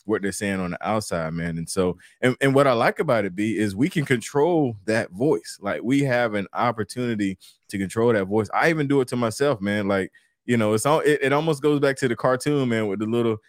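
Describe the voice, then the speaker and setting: A man's voice: fairly low pitch, brisk, no room sound, clean studio sound. A man co-hosting a podcast, chatting in a laid-back, casual way and saying "man" a lot. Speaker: podcast co-host.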